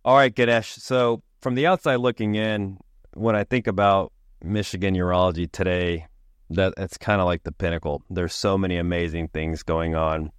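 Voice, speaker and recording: A man's voice: low-pitched, fairly even intonation, moderate pace, clear, resonant tone, dry recording, clean studio sound. A man hosting a medical podcast, introducing the show and his guest in an upbeat, welcoming way. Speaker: podcast host. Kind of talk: podcast host introduction and interview.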